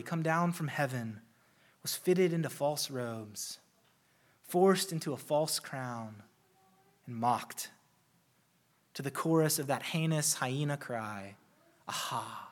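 A man preaching a sermon in an earnest way, slowing down and building intensity through lists. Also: fairly high pitch. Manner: earnest, slows and stresses key phrases. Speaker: pastor.

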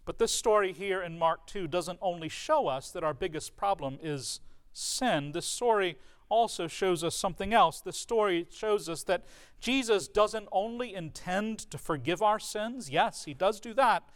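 A man's voice: sits high, a little slow, clear, resonant tone. A man preaching a sermon to his congregation, earnest and emphatic, with rhetorical questions. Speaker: pastor.

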